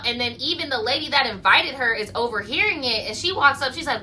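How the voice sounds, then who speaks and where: Bright-voiced woman ranting on a livestream. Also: high voice, quick pace, hardly any pauses, slight background noise, poor audio. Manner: animated storytelling, acting out quotes, blunt and profane. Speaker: vlogger. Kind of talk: casual livestream rant.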